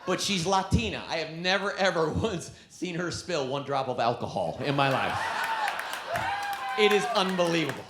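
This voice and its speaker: A man performing a stand-up comedy set on a club stage, telling stories with an animated delivery. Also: fairly high pitch, normal speed, over a noisy crowd. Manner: animated storytelling, breaks into laughs. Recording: echoey club with background noise.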